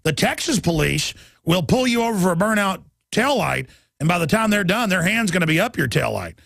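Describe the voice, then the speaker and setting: A man's voice: sits high, sing-song, fairly quick, gravelly, fairly bright tone, dry recording, studio quality. A man hosting a talk radio show, ranting in a heated, mocking way.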